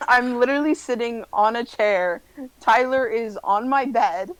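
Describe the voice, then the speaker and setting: A woman's voice: a little high, measured pace, clean tone, no echo, poor audio. A woman player talking bluntly and teasing friends, swearing freely. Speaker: tabletop game player. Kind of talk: casual out-of-game chat.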